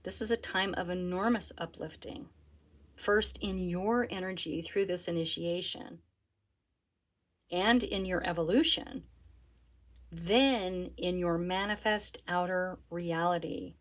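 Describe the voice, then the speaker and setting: A woman giving a pick-a-card tarot reading to her viewers. She is earnest and excitable, and often stops to rephrase herself. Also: fairly low pitch, slow. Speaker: tarot reader.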